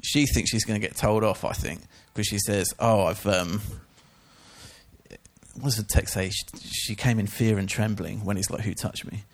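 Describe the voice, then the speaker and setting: A man's voice: on the low side, steady tone, normal speed. A man giving a casual, chatty Bible teaching talk, full of informal asides. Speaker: church teacher.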